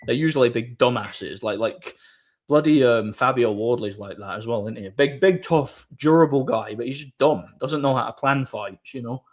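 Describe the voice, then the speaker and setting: A man hosts a live stream in loose, casual chat. He tells his stories in a rambling way, full of restarts, with blunt and crude banter. His voice sits at an ordinary middle pitch. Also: moderate pace. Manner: rambling storyteller, frequent restarts.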